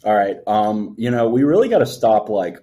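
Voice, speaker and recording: A man's voice: fairly low pitch, big pitch swings, moderate pace, mellow. A man co-hosting a casual comedic podcast, teasing and sarcastic. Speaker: podcast co-host.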